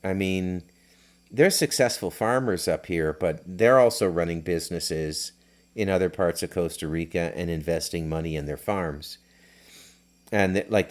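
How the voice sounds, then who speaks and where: In a low, slightly mellow voice, a middle-aged podcast host rambles through loose, casual stories, often using fillers and starting over.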